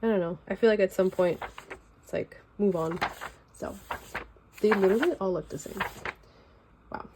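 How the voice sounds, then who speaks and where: A woman's voice: medium pitch, normal speed, long pauses, noisy background. A young woman with a Californian accent, chatting casually and loosely while showing her sketchbook at home. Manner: chatty, loose and rambling with fillers. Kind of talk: casual chat.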